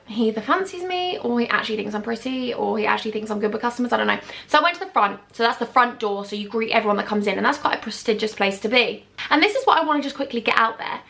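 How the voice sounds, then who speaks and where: A young woman in her twenties telling a storytime vlog to camera, animated and acting out the people she quotes. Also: fairly high pitch, gravelly. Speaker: YouTuber.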